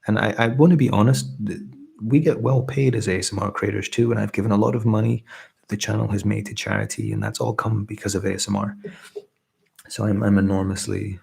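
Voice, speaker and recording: A Scottish man in his thirties, his accent softened, hosts a soft-spoken ASMR live stream and reads viewers' comments aloud with earnest gratitude. His voice is lowish, a little fast, and creaky with a breathy edge.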